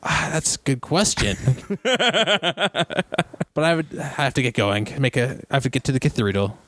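A man's voice: animated, normal speed, fairly bright tone, no echo, natural voice. A man voicing a cheerful, overly polite pale young man in a tabletop game. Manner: bubbly, apologetic, high-pitched.

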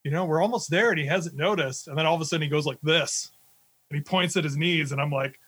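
A young army veteran telling stories in an animated, profane way during a casual podcast chat. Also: male voice, a little high, quick pace, no echo.

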